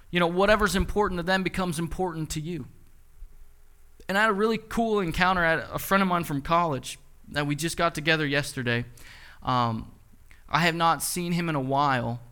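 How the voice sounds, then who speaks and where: A man's voice: fairly high pitch, sharp tone, smooth. A young man in his twenties, a pastor preaching a sermon and telling a story with quoted dialogue. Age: 20s.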